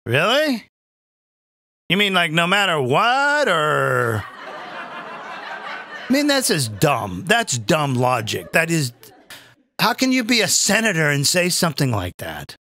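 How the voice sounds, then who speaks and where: A man's voice: on the high side, huge pitch swings, takes it slowly, long pauses, pushed and bright. A man hosting a live comedic rant, crude, sarcastic and exasperated. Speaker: comedian host.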